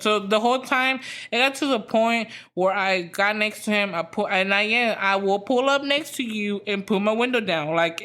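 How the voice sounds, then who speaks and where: A woman's voice: medium pitch, fairly bright tone. A young adult woman hosting a podcast, telling a story in a casual, profane, rambling way full of fillers. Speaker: podcast host.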